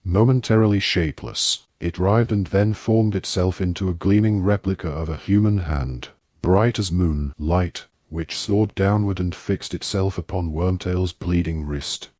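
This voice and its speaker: A man narrating a fantasy audiobook in a measured, dramatic storytelling manner. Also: low voice, a little mellow, dry recording, studio quality. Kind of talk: scripted narration.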